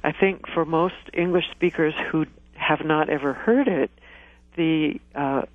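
A woman's voice: sits low, a little slow, dry recording. A woman guest on a radio call-in show, explaining word origins in a patient, scholarly way. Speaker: guest dictionary editor. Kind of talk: radio interview. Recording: tinny phone-line sound.

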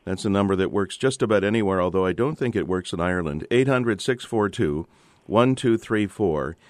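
A man with a low voice hosting a public radio call-in show, recorded close and dry in a studio. He speaks in a relaxed way, with plenty of fillers and restarts as he reads out station details and introduces his guest and callers. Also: fairly quick, no echo. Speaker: radio talk show host.

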